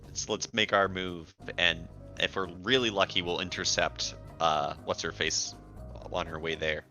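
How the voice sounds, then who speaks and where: A man playing a tabletop game, planning out loud in eager casual chat. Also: deep voice, steady tone, measured pace, soft background music. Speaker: player.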